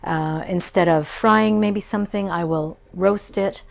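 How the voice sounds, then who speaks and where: A woman's voice: mid-range voice, a little slow, vocal fry. A middle-aged woman, a chef and cookbook author, recalling her childhood in a storytelling interview. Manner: warm storytelling, acts out childhood voices. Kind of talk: interview conversation.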